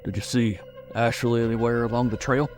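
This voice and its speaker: A man's voice: mid-range voice, flat delivery, a little fast, a little mellow, faint music behind, voice pushed up, lightly acted. A male narrator voicing a harsh, gaunt, brusque recluse who snaps in short, clipped lines. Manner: snapping, turns to panicked screaming.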